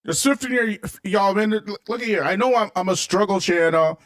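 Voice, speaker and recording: A man's voice: high-pitched, brisk, a bit bright, no room sound, clean studio sound, distant mic. A man hosting a casual livestream, talking emphatically and a bit preachily, and calling his viewers "family" and "y'all". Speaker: livestream host.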